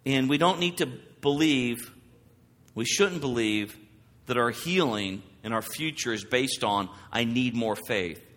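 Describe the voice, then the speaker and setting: A man's voice: medium pitch, a little slow, fairly bright tone. Man preaching in an echoing hall. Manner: conversational storytelling, acts out quoted voices. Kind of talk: informal sermon. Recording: long hall reverb.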